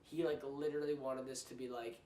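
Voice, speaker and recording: A young man hosting a casual film review, blunt and animated, often restarting his sentences. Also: medium pitch, brisk. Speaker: movie reviewer host. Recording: roomy, distant mic, faint noise.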